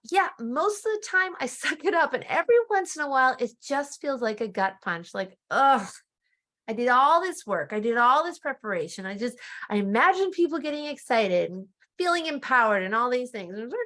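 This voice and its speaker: Chatty woman coach, slightly high voice. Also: brisk. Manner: chatty, animated, self-mocking, with laughs. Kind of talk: casual talk to camera.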